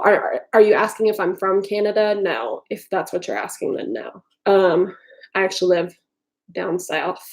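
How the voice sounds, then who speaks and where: A woman from Tennessee talks loosely to her live-stream viewers from her kitchen. Her voice sits at an ordinary mid pitch, and she rambles with plenty of "like" and "um" and casual swearing. She is picked up by a desktop computer mic. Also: darkish tone. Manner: rambling, profane, lots of "like" and "um". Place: home kitchen.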